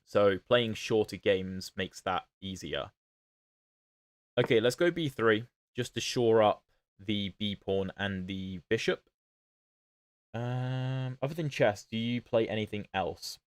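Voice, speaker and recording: A man's voice: fairly low pitch, slow, dry recording. British man streaming chess, chatting. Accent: British, not fully standard. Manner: chatty, answers chat questions while playing. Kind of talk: casual livestream commentary.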